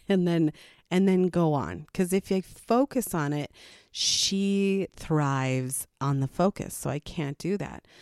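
A woman's voice: deep voice, warm tone, no room sound, studio quality. A woman, a parent, telling a casual story about her child, candid and laughing lightly now and then.

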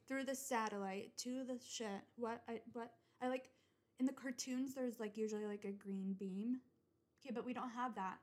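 Young woman, solo podcast host, rambling and swearing, restarts constantly, voice a touch high. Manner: rambling, swears often, many restarts and fillers. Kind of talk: casual solo podcast rant.

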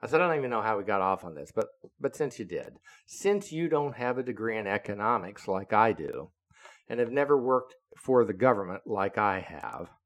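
A man's voice: fairly low pitch, big pitch swings. Older man telling an indignant story. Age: 70s. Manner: indignant, deliberate, lecturing. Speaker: retired naval officer telling a story. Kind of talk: casual storytelling monologue.

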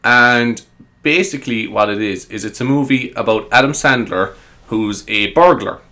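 A man talks through a rambling comedy monologue, full of fillers and frequent laughter. His voice is bright and forceful at a middling pitch. He keeps a loose, chatty, self-amused delivery. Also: normal speed. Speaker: comedy vlogger.

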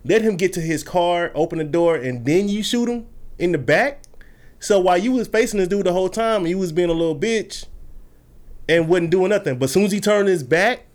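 A man's voice: sits high, animated, fairly quick. A man in a casual discussion who talks bluntly and animatedly, swearing freely.

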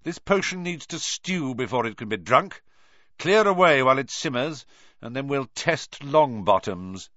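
A man's voice: medium pitch, animated, a little slow, bright, forceful tone, no echo, dull audio, pitched above the performer's own voice. A man voicing a cold, contemptuous teacher who gives clipped commands, for an audiobook. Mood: stern. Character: cold, stern male potions teacher.

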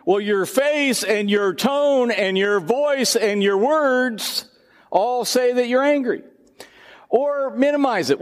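An older man preaches from the pulpit, his voice sitting notably high for a man. He talks to the congregation in a conversational, animated way, slipping into personal asides. The sound carries a long reverb, as in a large church hall. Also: slow. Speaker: pastor. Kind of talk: sermon.

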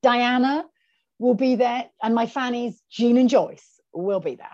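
A woman's voice: on the high side, a little slow, darkish tone, no room sound. A woman talks as a podcast guest over a video call, telling stories with animation and quoting people in their own voices. The call audio sounds muffled and lo-fi. The sound is close and dry. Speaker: author and guest.

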